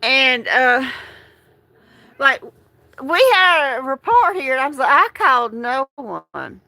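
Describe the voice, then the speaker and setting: A woman talks to her followers on a phone livestream from home, her voice high and drawn out slowly. She is upset and tearful, rambling with shaky laughs and crying mixed into her words. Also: very animated, pushed and bright. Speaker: livestream host. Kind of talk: live-streamed chat to followers.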